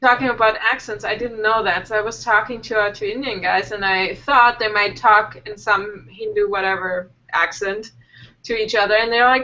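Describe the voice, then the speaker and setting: A woman's voice: medium pitch, steady tone, moderate pace, bright, forceful tone. A woman, a native German speaker from southern Germany, chatting casually and playfully as co-host of a live web show. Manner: chatty and playful, laughs easily. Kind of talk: casual chat. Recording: dull lo-fi stream audio.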